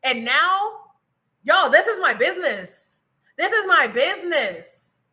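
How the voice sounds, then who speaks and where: Loud, bright-voiced preachy woman. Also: high-pitched, big pitch swings, slow pace. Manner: loud, preachy, talks straight to viewers as "y'all". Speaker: travel content creator. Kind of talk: motivational livestream talk. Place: home in Colombia.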